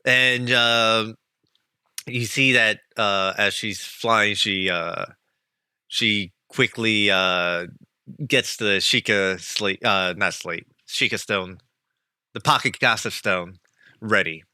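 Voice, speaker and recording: A man narrating his character in a tabletop role-play, halting and full of fillers. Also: on the low side, steady tone, sharp tone, smooth, no room sound, studio quality. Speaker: tabletop player.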